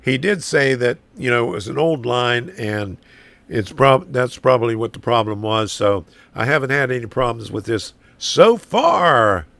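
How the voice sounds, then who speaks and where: A man hosting a live stream from his garage, rambling and complaining, repeating himself, slightly hoarse and clearing his throat. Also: mid-range voice, lively intonation, unhurried, fairly bright tone, no room sound. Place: home garage workshop.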